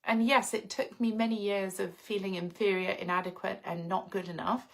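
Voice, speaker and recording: A woman's voice: mid-range voice, level tone, moderate pace, vocal fry, low-quality recording. A woman from the UK talks live to her viewers in a mid-range voice, reading their comments aloud. She speaks in an earnest, heartfelt way, reflecting openly between the messages. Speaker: livestream host.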